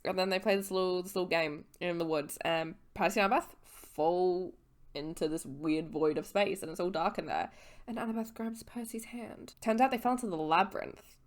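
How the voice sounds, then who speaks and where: A woman's voice: fairly low pitch, fairly quick. Tipsy woman rambling through a recap. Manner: rambling, swearing, with slips and self-corrections. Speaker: vlogger. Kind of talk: casual book recap.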